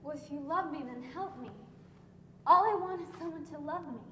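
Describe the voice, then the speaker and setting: A woman's voice: sits high, brisk, bright, forceful tone, slight background noise. A young woman acting a frightened bride pleading tearfully with her father in a school play. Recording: echoey hall, far-off mic.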